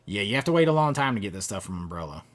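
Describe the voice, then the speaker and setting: A man's voice: fairly low pitch, sing-song, very fast, fairly bright tone. A man hosting a casual horror movie livestream, chatting with viewers and rambling with fillers and restarts. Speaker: livestream host. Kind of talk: casual live chat reading viewer comments.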